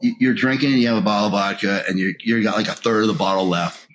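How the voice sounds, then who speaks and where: A man being interviewed, telling his recovery story in a raw, emotional way, his voice rising when anger returns and sinking to a near whisper at the lowest points. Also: fast talker, fairly bright tone, a little hiss or hum. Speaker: interview guest.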